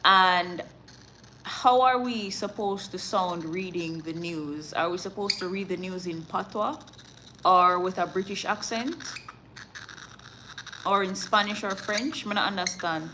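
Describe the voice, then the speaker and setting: A Jamaican woman with a lowish voice speaks unhurriedly, with noise in the background. She reads the news and chats with viewers as a live streamer, dropping in laughing asides and switching between patois and standard English.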